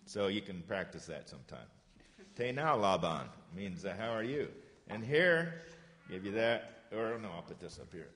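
A man giving a lesson to children in a patient, encouraging way, slowly repeating phrases for them to say back. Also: lowish voice, sing-song, fairly bright tone, in a large hall. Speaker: teacher.

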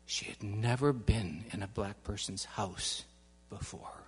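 A man telling a children's story in an unhurried, expressive way. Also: a little high, breathy edge. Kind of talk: storytelling to an audience. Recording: long hall reverb.

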